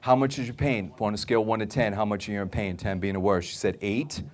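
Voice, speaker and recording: A man's voice: lowish voice, fairly even intonation, quick pace. A man giving a live sales talk to an audience about supplements, emphatic and repetitive, often checking in with "okay?" and acting out customers' reactions in his stories. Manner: emphatic, repeats points, keeps asking "okay?"; acts out customers' voices in anecdotes. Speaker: supplement store speaker.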